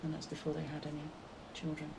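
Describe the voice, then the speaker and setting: A middle-aged British woman, the artist's mother, reminiscing fondly in a relaxed conversation, halting and restarting as she reflects. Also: deep voice, vocal fry, noisy background. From Britain.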